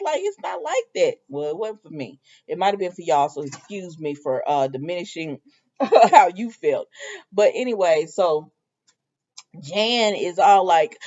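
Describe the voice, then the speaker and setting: Casting: lively woman soap recapper, chatty, swinging voice, lo-fi recording. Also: lowish voice, normal speed. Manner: animated, laughing, acts out quotes. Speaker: soap opera recap vlogger.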